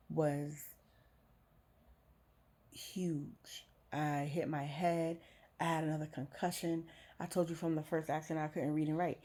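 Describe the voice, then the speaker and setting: A woman's voice: low-pitched, dark tone. A young adult woman vlogger frankly telling a personal story, emotional and swearing casually.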